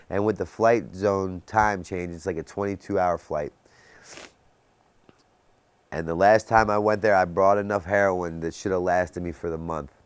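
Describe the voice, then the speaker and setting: Man, 30s, very low voice, dry close sound; intense first-person testimony, dramatic hushed drops. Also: dry recording. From Baltimore area, US. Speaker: recovery speaker.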